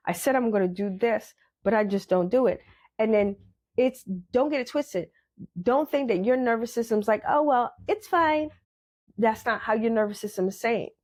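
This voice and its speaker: A woman's voice: mid-range voice, a little mellow. Blunt woman giving a motivational talk. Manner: blunt, emphatic, repeats phrases, swears casually. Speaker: podcast host. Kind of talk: motivational monologue.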